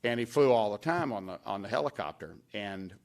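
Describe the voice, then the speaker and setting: Gravelly older man telling folksy stories. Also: on the low side, animated, a little fast. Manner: folksy storyteller, acts out quoted lines with a raised voice. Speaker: former staff member giving a tribute speech. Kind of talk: anecdotal speech at a dedication event. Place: event hall at a podium.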